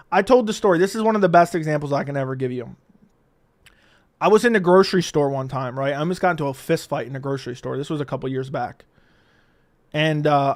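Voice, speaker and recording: A man hosting a casual livestream, telling stories in a profane, animated way into a studio mic. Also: a little high. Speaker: livestream host.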